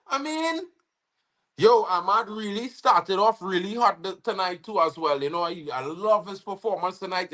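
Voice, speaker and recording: A young Trinidadian man hosting a football watch-along livestream, slangy and excitable, bursting into shouts when his team scores. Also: sits high. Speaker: football fan livestream host. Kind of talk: live match watch-along commentary.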